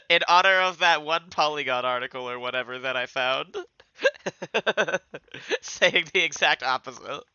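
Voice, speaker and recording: A man's voice: on the high side, unhurried, pauses often, pushed and bright, clear, resonant tone, no echo, lo-fi sound. A young man casually commenting on a game he is playing, making jokes and chuckling at his own asides. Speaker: Let's Play host.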